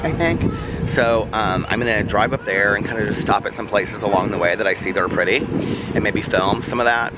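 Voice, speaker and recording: A man vlogging from a hotel room, telling stories in a chatty, animated way with lots of fillers. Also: on the low side, very noisy. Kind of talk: casual chat to camera.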